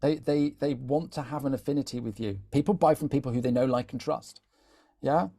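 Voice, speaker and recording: Talking fairly quickly in a gravelly, dark, medium-pitched voice, a male social media trainer leads a live web talk about LinkedIn content. He chats freely, repeats words a lot, and often asks "yeah?" to check in.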